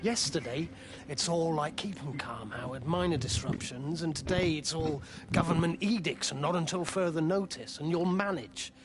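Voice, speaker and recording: An actor playing an irritable middle-aged village station master, grumbling about train stoppages in a story game. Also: male voice, a little high, moderate pace, music in the background, natural voice.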